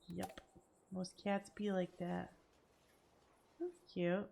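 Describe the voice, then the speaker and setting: A sleepy woman streamer with a raspy voice, chatting casually to her chat and to herself as she plays. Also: on the low side, little pitch movement, extremely slow, mellow. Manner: chatty, talks to chat and herself, laughs often.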